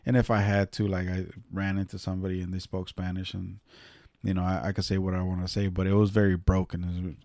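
Deep gravelly man telling a rambling story. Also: level tone, quick pace, darkish tone, no echo. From Northern California. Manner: rambling, swears freely, many fillers. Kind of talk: casual storytelling.

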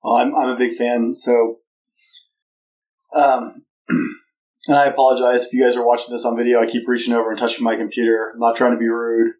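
A man's voice: mid-range voice, flat delivery, moderate pace, a little mellow, low-quality recording. Chatty, self-deprecating male podcast host. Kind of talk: casual interview chat.

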